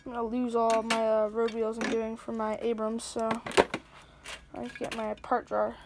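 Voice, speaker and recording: A woman with a fairly high, gravelly voice rambles through a casual tour of her hobby workbench, full of hesitations and fillers. The recording has clear background noise and clicks from handling tools. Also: monotone, normal speed. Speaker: scale model hobbyist. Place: home workbench. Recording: noisy home recording.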